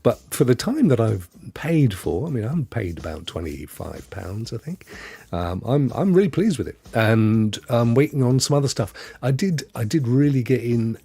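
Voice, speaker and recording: A man's voice: medium pitch, warm tone, husky, no room sound. A man hosting a gaming show alone, chatting in a rambling, chuckling way to his live-stream audience. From United Kingdom. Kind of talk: solo live-stream chat. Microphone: headset.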